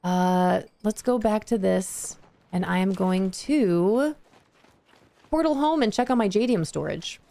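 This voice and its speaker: Woman streamer, casual gameplay chat, bubbly and chatty, mid-pitched with some vocal fry. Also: slow, dark tone. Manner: bubbly, easily delighted, chatty.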